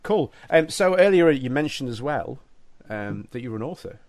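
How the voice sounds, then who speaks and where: Relaxed male podcast host. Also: mid-range voice, normal speed, no room sound. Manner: relaxed, brief reactions. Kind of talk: casual interview chat.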